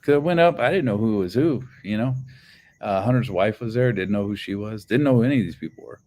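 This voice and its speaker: A channel host with a lowish, darkish voice talks fast and expressively while casually rambling through a long personal story, full of fillers and swearing.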